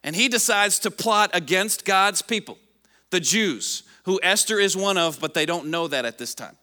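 A man preaching a sermon, reading scripture aloud and repeating key lines for emphasis, his voice dropping low at the ends of phrases. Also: expressive, moderate pace, sharp tone, big-room sound. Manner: reads scripture aloud to the congregation. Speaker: pastor.

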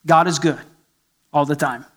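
Man, pastor, high-pitched, lively sermon delivery, storytelling. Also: unhurried. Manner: animated storytelling preacher, rising and falling emphasis.

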